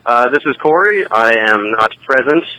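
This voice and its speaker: A man's voice: mid-range voice, lively intonation, moderate pace, sharp tone, poor audio. A man leaving a recorded call-in message for a podcast, laid-back and crude in his joking. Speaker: podcast co-host calling in.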